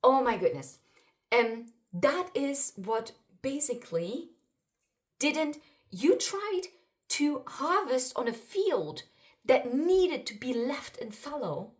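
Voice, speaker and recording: A woman doing an intuitive card reading for her viewers, excitable and exclaiming, swinging between murmured asides and loud outbursts. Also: high voice, slow. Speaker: spiritual card reader.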